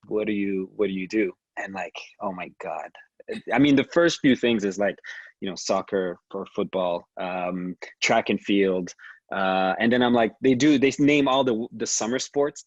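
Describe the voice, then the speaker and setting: Low-voiced man on a dull dry call. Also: no echo. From Canada. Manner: animated storytelling with many restarts and laughs. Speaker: guest figure skater. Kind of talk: casual conversation.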